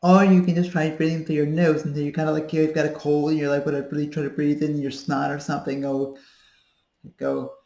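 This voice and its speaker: A woman's voice: low voice, little pitch movement, quick pace, few pauses, warm tone. Casual woman coaching voice in an echoey room. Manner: demonstrating, informal and explanatory. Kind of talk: casual video tutorial.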